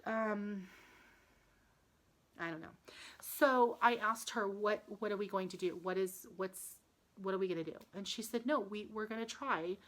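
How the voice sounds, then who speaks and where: A woman's voice: mid-range voice, unhurried, a bit bright. Upset woman vlogging, full of ums. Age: 30s. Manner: emotional, frequent ums and restarts, upset and near tears. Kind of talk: casual personal vlog.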